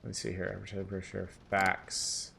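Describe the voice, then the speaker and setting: A man's voice: deep voice, little pitch movement, a little fast, gravelly, background noise. Chatty male streamer playing a game. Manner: joking, chatty, addresses chat. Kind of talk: casual game commentary.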